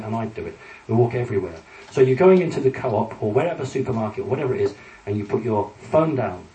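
A man with a lowish, mellow voice addresses an audience in a slide-based public talk, warning them in an earnest, emphatic way. The recording has a distant mic, hall echo, faint ambience and slight background noise.

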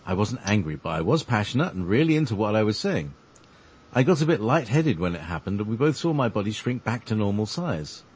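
A male host reading listener questions aloud in a relaxed, lively way. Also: fairly low pitch, fairly quick, breathy edge.

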